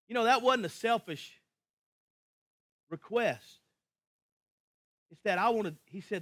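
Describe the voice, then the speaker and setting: A pastor preaching a sermon with passion, moving from hushed tones to near shouts and repeating phrases rhythmically. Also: male voice, high voice, normal speed, pauses often, dry recording. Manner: repetitive, rhythmic emphasis.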